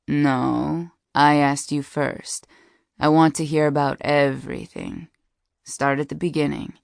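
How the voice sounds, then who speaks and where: A woman's voice: deep voice, flat delivery, a little slow, creaky, no echo, studio quality. A woman voicing a sleepy, teasing young man on the phone. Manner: soft teasing warm voice.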